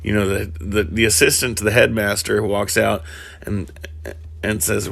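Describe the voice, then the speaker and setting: A man's voice: fairly low pitch, fairly even intonation, normal speed, creaky, a bit bright, no room sound. A man casually retelling a film plot as a comedic storyteller, rambling with many fillers and restarts.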